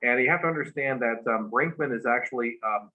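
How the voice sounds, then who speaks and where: A man, a guest in an interview, telling a long personal story, halting with many fillers and restarts and laughing along. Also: mid-range voice, narrow, tinny audio.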